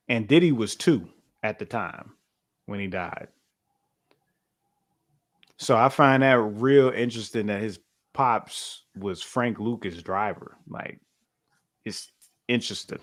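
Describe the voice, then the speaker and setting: A man's voice: lowish voice, slow pace, pauses often. Chatty man talking things through. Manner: loose, conversational, many fillers and restarts. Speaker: podcast co-host. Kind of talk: casual chat.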